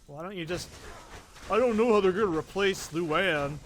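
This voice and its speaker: A man's voice: sits high, moderate pace, a bit bright, a little hiss or hum. A young man giving casual, rambling gameplay commentary, offhand and full of swearing. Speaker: let's play host.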